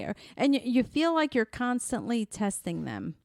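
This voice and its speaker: A woman's voice: a little high, very animated, measured pace, darkish tone, no room sound, studio quality. A woman co-hosting a podcast, chatting casually and acting out quotes as she tells family stories. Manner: chatty storyteller, acts out quotes. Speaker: podcast co-host. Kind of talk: casual chat.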